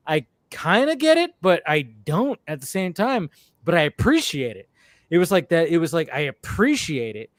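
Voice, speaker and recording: A man's voice: a little high, sing-song, moderate pace, no room sound. A man hosting a casual film discussion stream, rambling and swearing often as he talks through his opinions. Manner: rambling, profane, repeats himself. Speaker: host.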